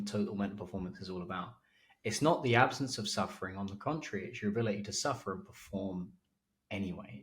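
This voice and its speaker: A man hosting a mental performance coaching podcast, speaking in an earnest, motivational, measured way. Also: lowish voice.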